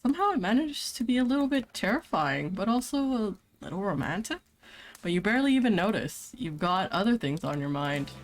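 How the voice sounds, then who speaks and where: A woman's voice: medium pitch, sing-song, fairly quick. A young woman streaming a dating game, reading the narration aloud in a playful, giggly way with joking asides. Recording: faint game music behind.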